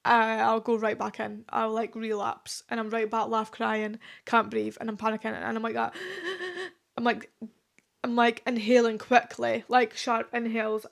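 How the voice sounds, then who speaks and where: A woman's voice: a little high, gravelly. A young woman in her twenties hosting a solo podcast, talking in a chatty, confessional way with lots of fillers. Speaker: podcast host. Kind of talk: casual solo podcast chat.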